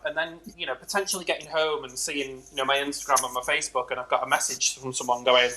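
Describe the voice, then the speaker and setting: Bright-voiced drag performer guest. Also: male voice, medium pitch, steady tone, fast talker, poor audio. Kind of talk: casual chat.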